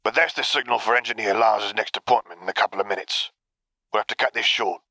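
A man reading the part of a male clone commander, dry and unapologetic, speaking slowly and deadpan. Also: on the low side, dry recording.

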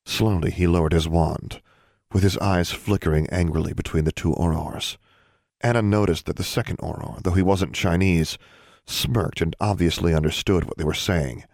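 A deep-voiced male narrator reads an audiobook with steady, measured storytelling. The sound is clean studio audio with no room sound.

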